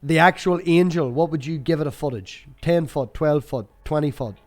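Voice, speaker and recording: Casual Irish man, higher voice. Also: normal speed. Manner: casual, hesitant, swears freely. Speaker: co-host. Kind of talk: casual podcast discussion.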